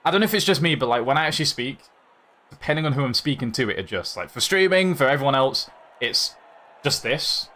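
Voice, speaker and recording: A man's voice: medium pitch, expressive, brisk, sharp tone. A young man from Yorkshire with a light Yorkshire accent, chatting casually on a live stream, reading chat aloud and laughing often as he rambles. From Yorkshire, England. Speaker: livestream host.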